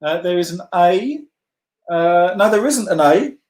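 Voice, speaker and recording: A man's voice: high voice, lively intonation, measured pace, a little mellow. A man leading a children's club, hosting a letter-guessing game over a video call, chatty and encouraging as he praises players by name. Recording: roomy echo.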